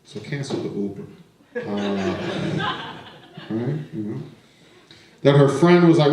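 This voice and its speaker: A young man doing stand-up storytelling in an art gallery, laid-back and deadpan, swearing freely. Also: mid-range voice, slow, long pauses, very echoey, recorded from a distance, slight background noise, low-quality recording. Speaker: stand-up comic.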